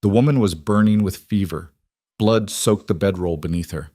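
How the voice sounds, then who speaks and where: A man reading a Western story aloud, in a calm and measured narration. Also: sits low, no echo, clean studio sound.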